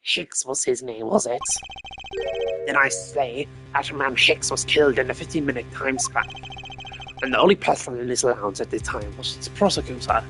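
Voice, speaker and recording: A man's voice: mid-range voice, normal speed, natural voice. A man voicing a pompous, rude, wealthy male art dealer in a made-up foreign accent, with game music behind. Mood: accusing. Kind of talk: voice acting a game playthrough.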